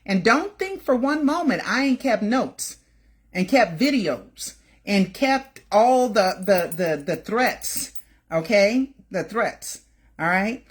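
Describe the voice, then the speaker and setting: A woman's voice: mid-range voice, very animated, slow, husky. A middle-aged woman hosting a casual, rambling commentary video on celebrity news, chatty and defensive, with lots of fillers and repeated words.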